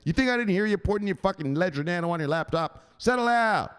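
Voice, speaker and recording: A man voicing a foul-mouthed, menacing male enforcer who bullies and yells demands. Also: sits high, lively intonation, quick pace, clean tone, big-room sound, pitched above the performer's own voice. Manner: yelling, profane, bossy demands.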